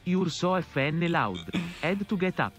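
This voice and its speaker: Man as text-to-speech alert, lively pitch, high, faint music. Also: a little slow. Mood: announcing. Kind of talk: synthetic alert reading.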